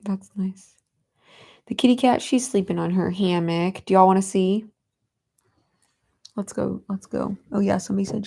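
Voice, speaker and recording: A woman's voice: medium pitch, fairly even intonation, normal speed, creaky, pauses often. A young woman in her twenties hosting a casual livestream from home, chatting with viewers and reading their comments. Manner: chatty, giggly, coos softly at her cat. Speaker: livestream host.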